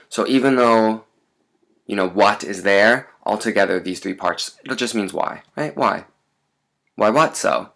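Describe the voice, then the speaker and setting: Low-voiced man explaining a lesson. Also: a bit bright. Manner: explanatory, checks in with frequent "right?". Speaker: language teacher.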